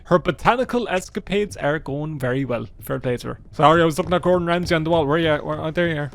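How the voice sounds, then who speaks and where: A man's voice: a little high, fast talker, creaky, few pauses. A man giving casual, irreverent commentary over gameplay, chatty and swearing a lot. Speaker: gaming video host.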